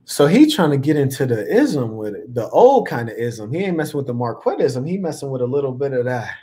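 A man's voice: mid-range voice, sing-song, a little fast, dark tone. Playful slang-talking man hosting a stream. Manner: laid-back, playful, slang-heavy. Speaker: livestream host. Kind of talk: casual live reaction commentary.

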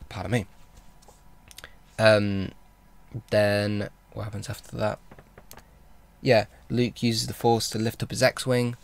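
A man's voice: lowish voice, level tone, takes it slowly, pauses often. A man vlogging a casual film recap, rambling and enthusiastic, with lots of fillers and restarts. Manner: enthusiastic fan talk.

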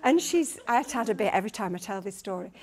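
A woman's voice: medium pitch, rapid-fire, noisy background. A middle-aged woman with a Lancashire accent, a consultant midwife giving a conference talk, telling stories earnestly and eagerly with frequent restarts. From Lancashire, England. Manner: earnest, lively storytelling with many restarts. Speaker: guest speaker, consultant midwife.

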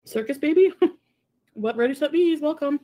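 A woman's voice: high-pitched, lively intonation, a little slow, mellow. A young adult woman on a casual livestream, reading viewer comments aloud and adding sarcastic asides.

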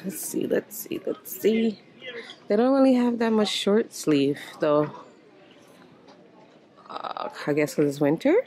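Chatty woman vlogging, lively pitch. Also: slow pace, pauses often. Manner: chatty, exclaiming often, talking to viewers. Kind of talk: casual vlog narration while shopping. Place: large store, indoors. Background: background music.

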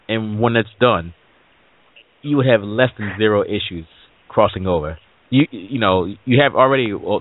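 A man's voice: on the low side, no room sound. A man who works as a waiver consultant, giving confident, reassuring advice in casual podcast chat. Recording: dry tinny phone-line audio.

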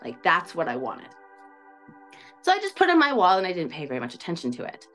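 A woman's voice: on the low side, huge pitch swings, quick pace, a bit bright, soft background music. A woman guest telling a personal story in a chatty, self-questioning way, with lots of "like". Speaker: interview guest. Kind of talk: casual storytelling.

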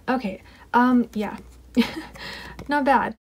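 A woman chatting casually at her desk while unboxing an album, excitable and giggly, often gushing and sometimes dropping to a whisper. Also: on the high side, unhurried, long pauses, background noise. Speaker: unboxing vlogger. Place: home desk.

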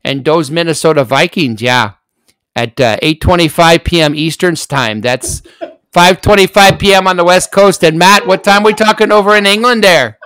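A man's voice: high voice, moderate pace, a bit bright, clean tone, no echo. A man hosting a casual sports podcast, joking around and hamming up bits. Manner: jokey, playful, hammy bits. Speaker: podcast host.

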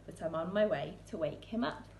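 Calm gentle teacher guy, read by a lady, reassuring, low voice, echoey room. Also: normal speed, a little hiss or hum, lightly acted.

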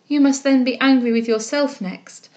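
A woman voicing a gentle, composed young lady. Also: sits high, fairly even intonation, moderate pace, pitched above the performer's own voice, natural voice. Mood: gentle, earnest. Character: composed, kind young heiress.

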